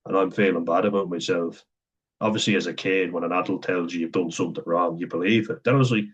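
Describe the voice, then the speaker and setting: A man's voice: deep voice, steady tone, fast talker, husky. A young man in a candid, profane personal monologue, talking frankly and conversationally. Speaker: vlogger. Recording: dull lo-fi sound.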